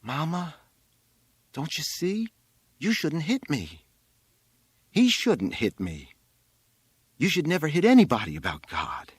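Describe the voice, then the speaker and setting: A man voicing a desperate thirteen-year-old boy on a rooftop, who shouts his commands high and loud. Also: sing-song, a little slow, hardly any pauses, dry recording, full character voice. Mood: crying plea.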